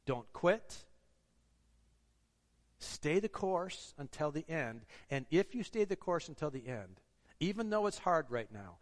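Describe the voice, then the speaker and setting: A man preaching a sermon, earnest and exhorting, asking the congregation rhetorical questions. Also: a little high. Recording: long hall reverb.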